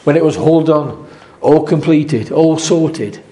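A man's voice: on the high side, takes it slowly, warm tone. A man preaching a sermon earnestly, repeating his phrases and restarting often.

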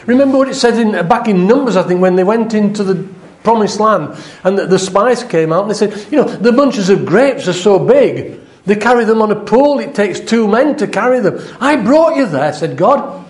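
A man's voice: high-pitched, animated, normal speed, a little mellow, echoey room. A man preaching a sermon in a conversational way, acting out the quoted speech of God with a raised voice.

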